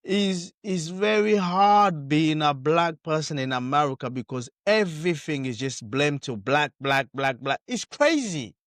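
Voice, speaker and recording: A man delivers heated reaction commentary to video clips. He talks slowly with big swings in pitch, indignant and emphatic, circling back to the same points. The sound is dry and close. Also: lively intonation, fairly bright tone, no room sound.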